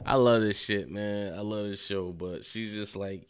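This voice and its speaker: A man with a smooth, slightly low voice gives a relaxed, slangy recap of a TV episode. He chuckles as he retells scenes. The sound is dry and close, with no room around him. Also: unhurried, hardly any pauses, no room sound. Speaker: TV show reviewer. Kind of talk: casual recap and review.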